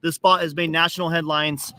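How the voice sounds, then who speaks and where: A man from California hosting a casual live-stream vlog outdoors, chatty and excitable, swearing now and then as he coaxes his dog along. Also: fairly high pitch, brisk.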